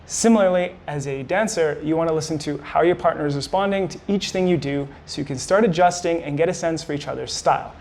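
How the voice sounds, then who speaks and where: A man teaching salsa in a clear explaining voice-over, his voice sitting a little high for a man. He calls out each move as the dancers hit it. Soft band music plays faintly underneath. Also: quick pace, hardly any pauses. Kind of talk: instructional voice-over commentary.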